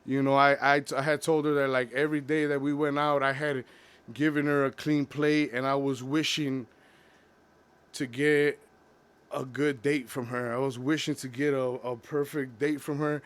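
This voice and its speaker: A young man talking about his past in a personal confessional vlog, halting and full of restarts. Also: mid-range voice, level tone, fairly bright tone, clean tone. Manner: halting, many restarts and fillers. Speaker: vlogger.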